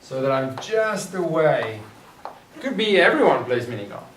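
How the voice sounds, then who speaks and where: Working through ideas at an unhurried pace, a male teacher thinks aloud and questions his class in a very animated voice on the high side. He's recorded from a distance in an echoey room with clear noise in the background.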